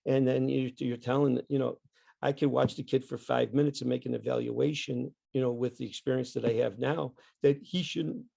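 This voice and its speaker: A man's voice: medium pitch, steady tone, moderate pace, gravelly, warm tone, dry recording. An older man, a retired coach, telling stories in a rambling casual chat, often repeating words. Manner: rambling, repeats words, acts out his dad in the story. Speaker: guest, retired basketball coach.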